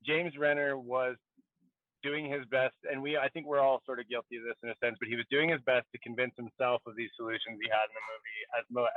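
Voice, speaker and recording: A man's voice: medium pitch, no echo. A man co-hosting a podcast in casual chat, thinking aloud with many restarts. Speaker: podcast co-host. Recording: tinny phone-like line, dry.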